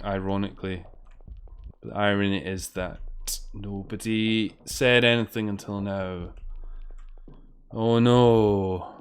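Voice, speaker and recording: A man's voice: on the low side, steady tone, takes it slowly, pauses often, a little hiss or hum. A British man swearing freely and bantering sarcastically with his chat while he plays a game on stream. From Britain. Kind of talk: casual gameplay commentary.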